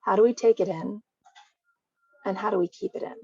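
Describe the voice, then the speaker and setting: Woman speaker for an online religious talk, lively and conversational, mid-pitched, dry and slightly dull recording. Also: fairly quick, slightly rough, no room sound. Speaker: guest speaker.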